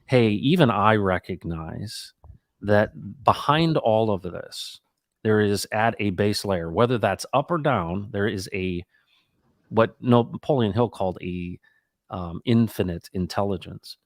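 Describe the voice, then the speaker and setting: Low-voiced middle-aged man telling stories. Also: a little slow, dry recording, studio quality. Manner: animated, acts out quoted dialogue; reflective, faith-minded musing. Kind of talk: casual conversational storytelling.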